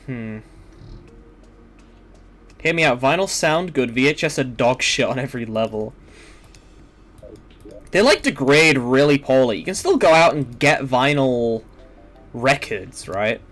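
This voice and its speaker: A young adult man chats casually while streaming a game, rambling with lots of fillers and swearing. His voice is mid-range and a bit bright.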